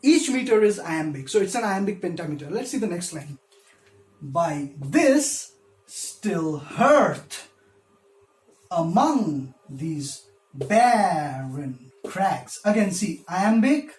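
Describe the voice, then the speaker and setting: A slow-paced literature lecturer talks through a poem's rhythm, pausing on frequent ums and uhs. The voice sits at a middling pitch and carries a roomy echo from the recording space. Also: darkish tone. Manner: hesitant, many ums and uhs, counts out stresses. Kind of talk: online lecture explaining poetry.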